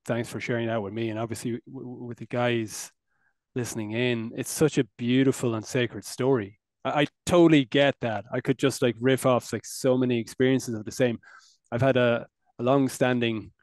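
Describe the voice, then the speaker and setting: A man's voice: medium pitch, fairly even intonation, moderate pace, no room sound, clean studio sound. A man hosting a podcast, talking earnestly and reflectively, swearing casually. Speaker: podcast host and men's coach. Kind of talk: reflective interview conversation.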